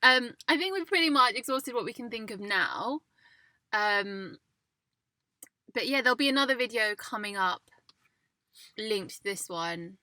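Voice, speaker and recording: A woman's voice: on the high side, lively intonation, unhurried, long pauses, pushed and bright, dry recording. A young woman co-hosting a casual chat in a parked car, chatty and upbeat. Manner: chatty, upbeat, wraps things up. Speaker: co-host.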